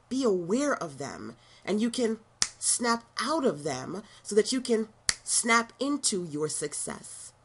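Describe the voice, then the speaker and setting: A woman's voice: medium pitch, a little hiss or hum. A middle-aged woman business coach giving a sassy, preachy motivational talk with slangy asides.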